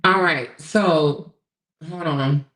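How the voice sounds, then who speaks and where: A woman hosting a casual livestream commentary, animated and exclamatory, talking straight to her viewers and reading their comments aloud. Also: low-pitched, extremely slow.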